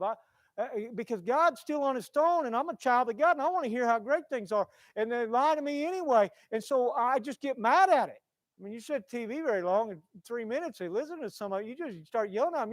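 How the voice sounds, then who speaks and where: Impassioned high-voiced male preacher. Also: expressive, brisk, dry recording. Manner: impassioned, swings from loud to hushed, repeats phrases. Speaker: pastor. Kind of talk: sermon. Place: church.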